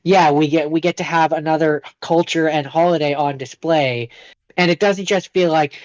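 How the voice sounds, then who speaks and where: A man with a slightly raised pitch talks in a casual podcast chat. He pauses a lot and leans on fillers. His voice comes through a slightly dull, lo-fi recording. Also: steady tone. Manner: hesitant, many "um" fillers. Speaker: podcast co-host.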